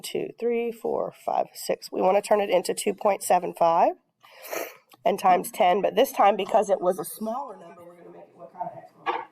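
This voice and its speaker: A woman's voice: mid-range voice, gravelly, mellow. Patient woman teaching a math class. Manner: patient, checks in with questions. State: coughing, throat catching.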